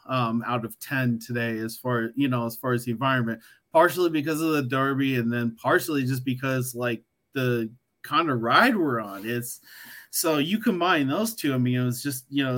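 A man with a mid-pitched, slightly worn voice talks in a loose, rambling way. He keeps restarting his sentences and padding them with fillers. It is an easygoing podcast chat. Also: a bit bright. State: losing his voice. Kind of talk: casual chat.

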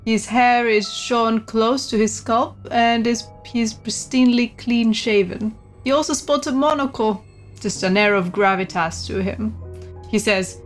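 A woman game master narrating a tabletop horror game in a descriptive, unhurried way. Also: fairly high pitch, fairly even intonation, faint music behind. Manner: descriptive, unhurried, laughs between lines.

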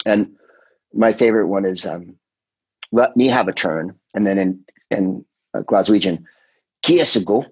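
A middle-aged man, a comedian and podcast host, chatting casually in a rambling, animated way, full of quoted voices and swearing. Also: sits low, a little slow, pauses often, breathy edge, dry recording, highs cut off. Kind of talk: casual chat.

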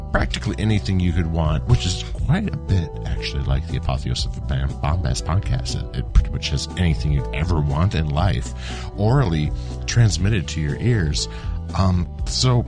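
A low-voiced man rambles through a giddy, mock-confessional testimonial about his own silly habits. His deep voice bounces between hushed asides and excited bursts, with guitar music clearly audible underneath. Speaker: listener sending voice feedback.

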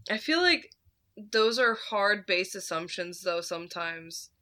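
A woman's voice: medium pitch, lively intonation, a little slow, pushed and bright. A woman host casually telling a story from her retail job, laid-back, swearing freely and laughing at her own tale.

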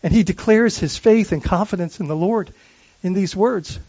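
A man preaching as pastor, his voice set high for a man. He talks in an earnest way, often stumbling and restarting phrases, and puts questions to his listeners. The recording is dry and a little dull. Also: moderate pace, mellow, no room sound. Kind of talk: sermon.

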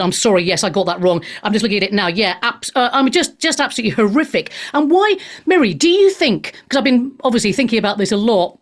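A woman hosts a talk show in a relaxed, conversational way. She asks her questions in loose, chatty phrasing and voices agreement as her guest speaks. Her voice sits at an ordinary middle pitch. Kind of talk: casual interview chat.

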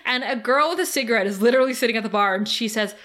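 A woman's voice: on the high side, very fast. A woman co-hosting a podcast, chatting casually as she retells scenes with laughter. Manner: animated retelling with laughs and acted quotes. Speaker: podcast co-host. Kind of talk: casual recap chat.

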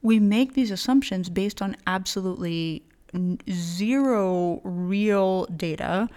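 A woman's voice: medium pitch, takes it slowly, warm tone. An American woman co-hosting a podcast, telling stories in casual chat with a slight lisp. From United States. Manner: storytelling, emphatic. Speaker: podcast co-host.

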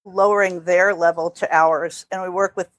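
A woman from New Jersey, a dog trainer, gives calm, explanatory interview answers over headphones on a remote call, often restarting her sentences. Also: lowish voice, moderate pace, no room sound. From New Jersey, USA. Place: temporary room away from home.

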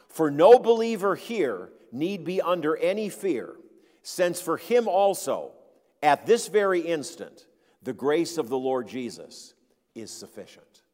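Earnest preaching pastor in a reverberant hall. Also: male voice, on the high side, a little mellow. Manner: earnest, emphatic preaching with repeated phrases. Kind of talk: sermon.

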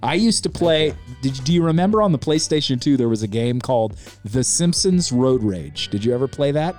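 Male podcast host in his forties, easygoing and rambling, mid pitch, faint music in the background. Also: lively intonation, brisk, darkish tone. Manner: laid-back, rambling, says man and dude a lot. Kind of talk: casual podcast chat.

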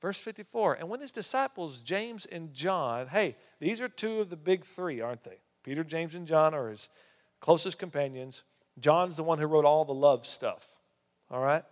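A male preacher delivers a sermon in a fairly high voice. He swings between emphatic, rising passages and hushed drops. His voice carries a long reverb, as in a large church hall. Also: animated, normal speed. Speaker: pastor.

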